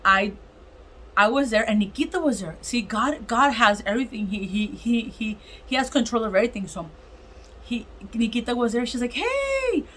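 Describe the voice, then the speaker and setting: A woman casually telling a heartfelt personal testimony, animated and emotional, acting out what others said. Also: fairly high pitch, normal speed, slight background noise, low-quality recording. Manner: animated, emotional, acts out other people's lines. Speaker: vlogger sharing a testimony.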